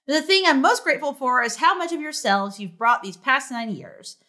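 A woman's voice: high-pitched, expressive, brisk, sharp tone. A woman on a gaming podcast reading fan messages in a bubbly way, laughing often. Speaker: podcast cast member. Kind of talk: casual chat, reading listener messages.

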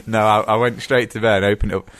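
A man's voice: on the low side, steady tone, fast, a bit bright. A man in his twenties chatting casually and joking, laughing as he talks. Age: 20s. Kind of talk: casual chat.

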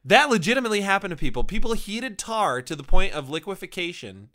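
A man with a bright, ringing voice co-hosting a podcast. He talks with lively ups and downs in pitch, running with each joke and spelling out the context behind it. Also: fairly quick. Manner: animated, explains jokes at length. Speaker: podcast co-host and editor. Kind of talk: casual comedic chat.

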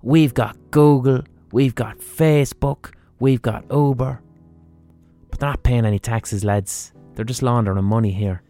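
Irish male podcast host, comic ranter, swears freely, mid-pitched voice, soft music underneath. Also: unhurried. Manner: sweary, exasperated ranting with rhetorical questions. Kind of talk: solo comedic podcast rant.

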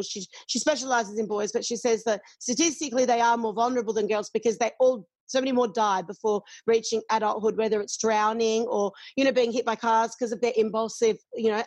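A high-pitched woman chats openly and laughs easily. She swears without a second thought. The sound is dry and close. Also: no echo. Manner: candid, swears freely, laughs often. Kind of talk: casual chat.

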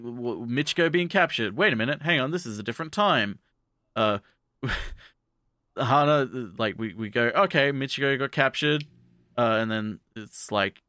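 Man, podcast co-host, rambling anime recap, bright tense tone, dry close sound. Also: on the low side, no room sound. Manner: rambling, with frequent restarts and fillers; quotes characters in offhand voices. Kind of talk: casual anime recap commentary.

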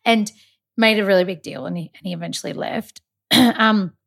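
A woman in her thirties, from Malta, recounts a personal travel story in a relaxed, chatty way. She slips into the voices of the people she quotes as she goes. Her voice sits at a middle pitch for a woman. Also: moderate pace, creaky. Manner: animated, acts out quoted voices. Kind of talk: casual storytelling chat.

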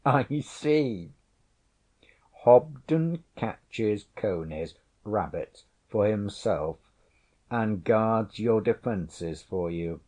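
Guy putting on a haughty old-fashioned queen type, wry and teasing, kinda slow and low for a lady, mellow tone. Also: expressive, full character voice. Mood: wry, regal. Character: proud, teasing noblewoman, queen in disguise. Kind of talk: audiobook character voice.

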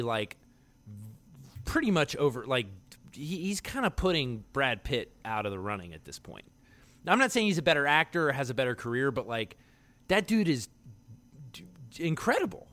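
A man from the Philadelphia area co-hosting a casual movie podcast, talking excitedly with frequent laughs and rambling restarts. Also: on the high side. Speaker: podcast co-host.

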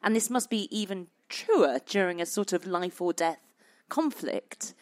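A woman's voice: on the low side, lively intonation, a little slow. A woman moderating a panel, asking a thoughtful, probing question.

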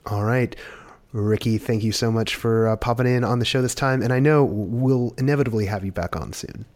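A man hosting a podcast, talking in an animated, rambling way with many restarts. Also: medium pitch, brisk. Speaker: podcast host.

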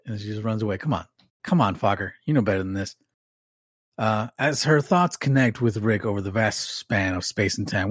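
A man's voice: lowish voice, breathy edge, dry recording, studio quality. A man co-hosting a podcast, reading a recap aloud with wry joking asides. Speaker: podcast co-host.

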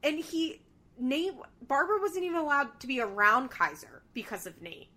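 A woman's voice: high voice, very animated, moderate pace, sharp tone. A woman co-hosting a casual chat, animatedly retelling scenes with lots of filler words. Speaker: podcast co-host recapping a reality show.

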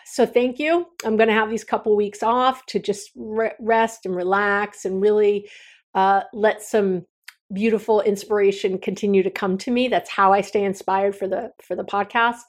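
A woman hosting her own podcast, talking candidly and from the heart, with frequent restarts and trailing thoughts. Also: medium pitch. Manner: earnest, heartfelt, meandering with many restarts. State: near tears. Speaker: podcast host. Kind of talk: candid solo podcast talk.

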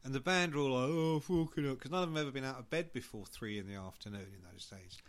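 A man's voice: medium pitch, very animated, quick pace, fairly bright tone. A man telling a long backstage anecdote in casual chat, swearing freely and acting out the people in it. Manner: swearing storyteller who acts out voices. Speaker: podcast co-host.

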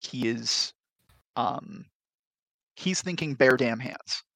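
A man's voice: medium pitch, takes it slowly, vocal fry, a bit bright. A man playing a tabletop game in a laid-back way, describing what his character does. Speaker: player.

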